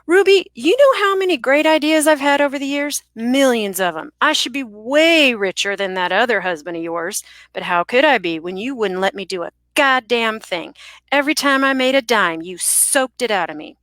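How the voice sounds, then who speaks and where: A woman's voice: fairly high pitch, expressive, normal speed, a bit bright, no echo, studio quality. A woman voicing a mean, greedy Southern ex-husband with a Southern accent, reading from her own novel with a sneering, threatening manner. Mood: bitter.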